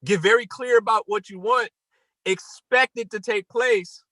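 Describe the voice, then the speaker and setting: A man giving an emphatic motivational talk on a morning call, repeating his points and rising to near-shouts. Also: sits high, measured pace, no room sound, poor audio.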